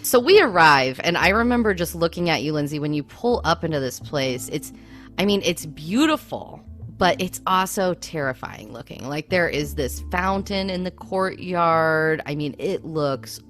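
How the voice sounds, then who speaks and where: Low-pitched woman co-host, casual chat full of "I mean", faint music in the background. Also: lively intonation, normal speed, a bit bright. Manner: chatty, with lots of "like" and "I mean". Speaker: podcast co-host.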